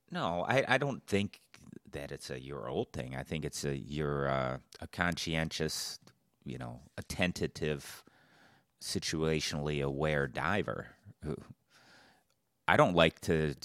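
Deep, bright-toned wry co-host. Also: male voice, no room sound, clean studio sound. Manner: wry, teasing, drawn-out remarks. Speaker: podcast co-host. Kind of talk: casual chat.

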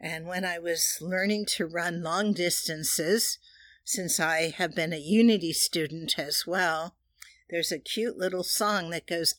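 Woman spiritual teacher, low-voiced, very slow and earnest, dry close sound. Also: a bit bright, dry recording. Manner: slow, earnest, leads repeated affirmations. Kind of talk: metaphysical teaching talk.

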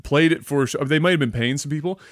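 A man hosting a gaming podcast, relaxed and chatty, reading news with many fillers. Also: fairly high pitch, fast, no room sound. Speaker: podcast host. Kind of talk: casual chat, reading news.

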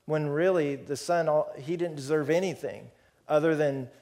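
A man preaching a sermon in a relaxed, storytelling way, acting out the characters. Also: a little high, normal speed.

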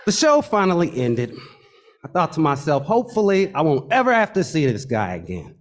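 A man telling a true personal story, expressive and wry, building suspense with pauses. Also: on the high side.

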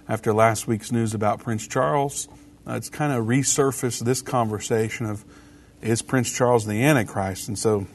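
A man co-hosting a casual religious talk show, chatting relaxed and reading quotes aloud. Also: mid-range voice. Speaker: podcast co-host.

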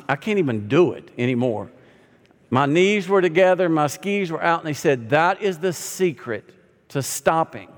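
Storytelling pastor, light tenor, reverberant hall. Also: male voice, fairly high pitch. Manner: storytelling with humor, lively and conversational. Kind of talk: sermon. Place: large hall or sanctuary.

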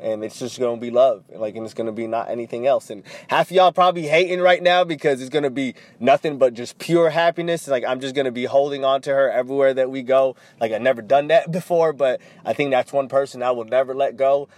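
A man's voice: mid-range voice, fast talker, few pauses, darkish tone, dry recording. A man hosting a casual solo podcast, rambling and swearing with lots of fillers. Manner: rambling and profane, full of "like" fillers. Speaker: podcast host.

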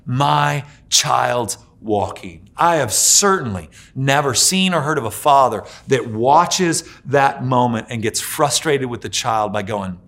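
A man in his forties preaching a sermon as a pastor, telling stories with lots of filler words and swinging from hushed to loud. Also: mid-range voice, unhurried, few pauses. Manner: animated storytelling with many filler likes, swinging between hushed and loud.

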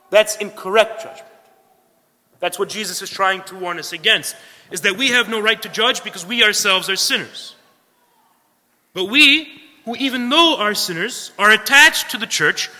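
A man preaches with a high, sharply bright voice that rings through a long hall reverb. He talks earnestly, circling back to his points and tossing in quick checks with the listeners. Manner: earnest, repeats points, tag questions. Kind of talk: sermon.

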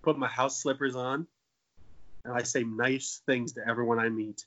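A man's voice: mid-range voice, steady tone, moderate pace, bright, forceful tone, dull audio. A man in his late twenties, joking and swearing in a casual comedic chat as a podcast co-host. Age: 20s. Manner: jokey, profane, playful.

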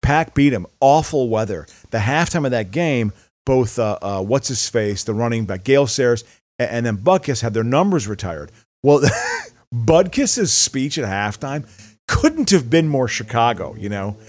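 A man's voice: mid-range voice, lively intonation, measured pace, darkish tone, no echo. Man, podcast co-host, casual chat, stammers, repeats words.

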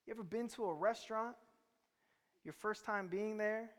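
A man's voice: high voice, moderate pace, a bit bright. A man preaching a sermon, telling stories in a conversational way and quizzing the congregation. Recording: reverberant hall.

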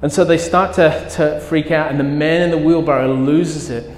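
A man's voice: on the high side, fairly even intonation, normal speed. A man preaching a sermon as pastor, telling a story with vivid, emphatic quoted lines. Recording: echoey hall with long reverb.

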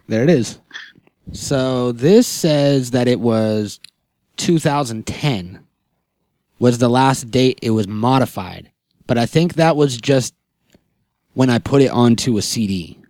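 A man's voice: mid-range voice, expressive, slow, long pauses, a little mellow, no echo. Joking male podcast host, dry sound. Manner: joking, laughs often. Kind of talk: casual podcast chat.

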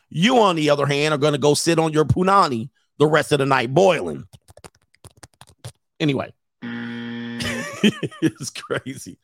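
A male coach and host rambles through casual commentary, cracking crude jokes and breaking into laughs. His fairly high voice carries a gravelly rasp, and the sound is dry and close. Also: fairly bright tone, no echo. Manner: crude, joking, laughs often, acts out other people.

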